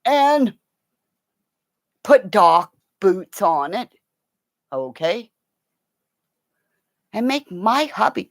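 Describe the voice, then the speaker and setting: A middle-aged woman hosting a rambling, casual livestream chat, excitable, gasping and dropping into whispers. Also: sits high, takes it slowly, pauses often, no room sound, studio quality. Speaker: livestream host.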